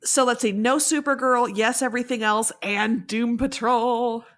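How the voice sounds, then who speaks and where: A woman's voice: a little high, fairly even intonation, measured pace, fairly bright tone. Chatty woman co-hosting a podcast. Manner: enthusiastic and chatty. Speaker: podcast co-host. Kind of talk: casual chat.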